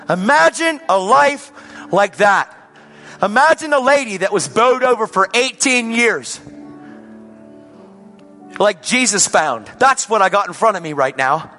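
A man preaching, telling a healing testimony as a lively story, acting out the people in it and repeating his praise with emphasis. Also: high voice, big-room sound. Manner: dramatic retelling that acts out the quoted voices.

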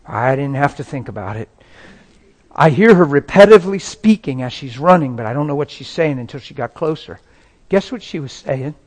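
A man's voice: mid-range voice, lively intonation, brisk. A man preaching a personal testimony in a dramatic, emotional storytelling manner.

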